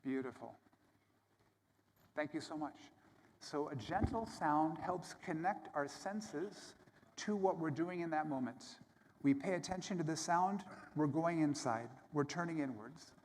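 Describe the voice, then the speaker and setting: A man teaching yoga to a live audience on a microphone, calmly cueing breath and movement step by step. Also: fairly high pitch, unhurried, a little hiss or hum. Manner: calm, gentle, step-by-step cueing. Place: large hall at a yoga summit. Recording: long hall reverb with faint room ambience.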